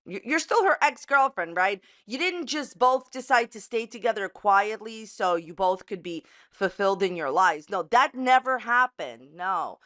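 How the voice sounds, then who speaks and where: A woman's voice: medium pitch, lively intonation, normal speed, hardly any pauses, bright, forceful tone. A woman ranting in a sarcastic, catty YouTube commentary, mocking with a repeated running joke. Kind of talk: casual commentary rant.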